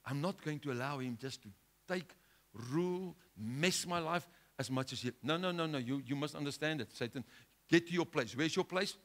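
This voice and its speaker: A male pastor preaching a sermon, driving his points home with rhetorical questions and swinging between loud outbursts and hushed lines. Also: fairly high pitch, normal speed.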